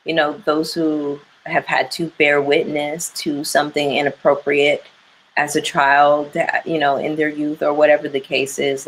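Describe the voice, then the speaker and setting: A woman's voice: sits low, a little hiss or hum, poor audio. A young woman hosting a live stream, talking candidly and emphatically to her viewers and reading their comments aloud. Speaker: livestream commentary host.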